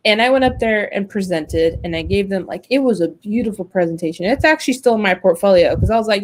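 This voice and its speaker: A woman's voice: mid-range voice, quick pace, few pauses, rough recording. A woman hosting a casual web talk show, telling a long story about job hunting, chatty and full of fillers. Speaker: host. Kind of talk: casual chat.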